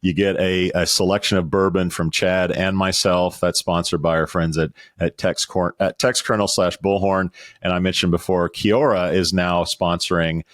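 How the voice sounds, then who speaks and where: A middle-aged man with a very low, deep voice hosts a casual podcast chat. He is chatty and joking, and rattles through sponsor plugs and lists of names. The sound is close and dry. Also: level tone, normal speed, fairly bright tone, no room sound. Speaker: podcast host.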